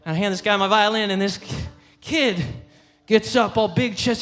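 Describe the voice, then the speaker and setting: A man, the band's violinist, telling an animated story on a theater stage into a stage microphone, acting out scenes with sudden jumps in pitch. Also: moderate pace, soft background music. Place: theater stage at a live concert.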